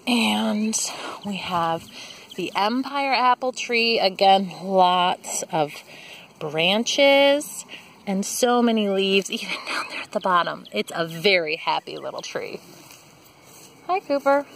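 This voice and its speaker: A woman's voice: mid-range voice, animated, slow pace, creaky, fairly bright tone, slight background noise. A young woman giving a casual garden tour outdoors, talking into a handheld camera mic, with her breathing audible as she walks. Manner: chatty, enthusiastic about plants. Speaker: garden vlogger.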